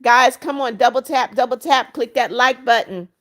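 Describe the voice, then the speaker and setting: A woman in her seventies hosts a casual livestream, reading viewer comments, greeting people by name and blessing them in a blunt, motherly manner. Her voice is slightly high and a little bright, and she speaks at a normal pace.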